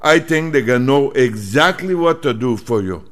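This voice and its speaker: A man's voice: medium pitch, lively intonation, normal speed, fairly bright tone, natural voice. Man doing a polite, proper seaplane man, plainly puzzled, hall reverb. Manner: formal and polite.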